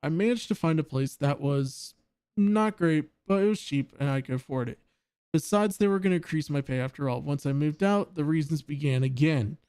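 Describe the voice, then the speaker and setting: Male livestream host with a mellow voice and a somewhat high pitch. Halting delivery, dry sound. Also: clean tone, no echo. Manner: halting, with frequent restarts. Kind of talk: reading a post aloud and commenting.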